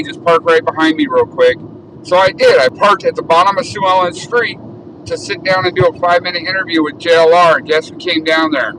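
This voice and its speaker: A man hosting a casual livestream while driving, chatting and reading viewer comments aloud. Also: high-pitched. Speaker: livestream host. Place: in a car on city roads. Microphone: phone held in car. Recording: distant phone mic with road noise. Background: traffic noise.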